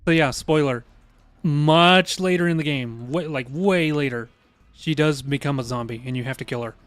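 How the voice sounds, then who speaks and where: A man's voice: a little high, moderate pace, a bit bright, no room sound. A man commenting casually on a live game stream, talking to his chat. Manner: chatty, laughing, talks to chat.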